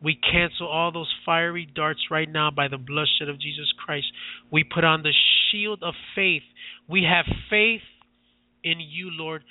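A man's voice: fairly high pitch, steady tone, a little slow, dry recording. A man who is a radio preacher, leading fervent prayer with repetitive, impassioned declarations. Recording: tinny phone-like line.

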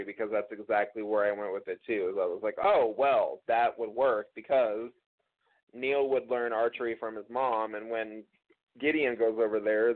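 Podcast guy musing about a show, loose and chatty, tinny lo-fi sound. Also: on the low side. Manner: loose, chatty, thinks out loud. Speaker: podcast co-host. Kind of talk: casual TV review chat. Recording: tinny phone-like audio.

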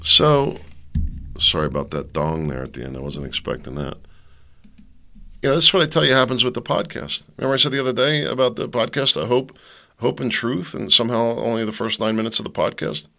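A man's voice: mid-range voice, creaky, sharp tone. A man hosting his own podcast from his basement, talking in a rambling way with many restarts. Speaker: podcast host. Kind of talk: casual opinion monologue. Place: home basement.

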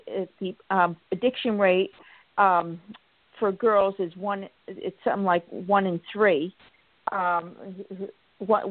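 A woman hosts a casual political talk show, stumbling through fillers and restarts before launching into animated stories. Her voice comes through a narrow, phone-like line with a dry, close sound. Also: medium pitch, dry recording. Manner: halting, many restarts and fillers; animated storytelling, acts out quotes.

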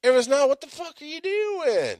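A middle-aged man hosting a live podcast, ranting with lots of swearing, swinging from loud outbursts to low mutters. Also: wildly swooping pitch, normal speed, no echo, studio quality. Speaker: podcast host.

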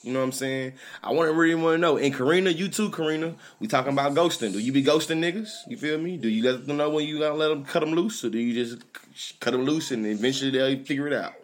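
A man's voice: a little high, fast. A man co-hosting a casual talk show, joking around in loose slang, married. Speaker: podcast co-host. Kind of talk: casual chat.

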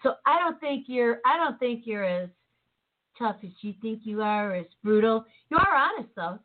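Animated woman host on a tinny line. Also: a little high, normal speed. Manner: animated storyteller, acts out quoted voices. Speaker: podcast host. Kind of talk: casual interview chat.

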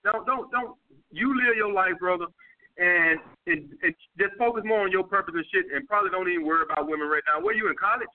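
A man's voice: high-pitched, brisk. A man with a New York accent, working as a dating coach, giving blunt, profane advice in casual street slang while answering viewer questions. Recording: tinny phone-like audio.

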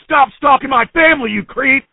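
A man's voice: extremely high pitch, fairly quick, gravelly, dry recording. A man playing a furious neighbor in a prank phone recording, threatening and accusing. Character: furious male neighbor, middle-aged, accusing. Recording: tinny phone line.

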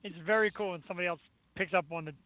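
A man with a Philadelphia accent hosts a radio show in a loose, excitable chat. His voice sits high. The sound is dry and narrow, like a phone line. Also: rapid-fire, no room sound. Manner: excitable, rambling, laughs often. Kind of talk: casual chat.

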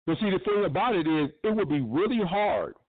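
A man's voice: high voice, very animated, fairly quick, dry recording. A man hosting a radio show, giving blunt, profane, impassioned commentary. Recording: tinny phone-line sound.

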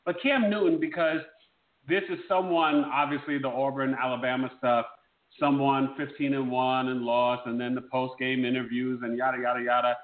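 Radio show cohost, eager and rambly, roomy echo, sounds like a phone line. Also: male voice, mid-range voice, level tone, normal speed. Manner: enthusiastic, rambling questions. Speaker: co-host. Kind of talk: talk show interviewing. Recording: echoey room over a tinny line.

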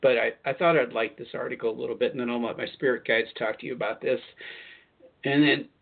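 A man's voice: mid-range voice, fairly even intonation, quick pace, vocal fry. A man hosting a spiritual call-in radio show, talking in a rambling, chatty way and often correcting himself mid-sentence. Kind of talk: casual spiritual talk radio monologue. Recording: tinny phone-line sound.

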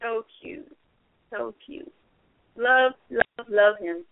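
A woman's voice: a little high, slow pace, no echo. Woman co-host, gushing, repeats herself, laughs often, tinny dry phone line. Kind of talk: casual chat.

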